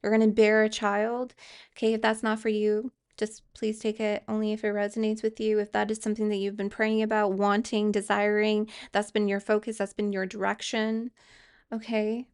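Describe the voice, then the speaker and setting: A woman's voice: medium pitch, completely flat delivery, normal speed, smooth. A woman giving a tarot card reading, speaking hesitantly with fillers and restarts and reassuring viewers directly. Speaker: tarot reader.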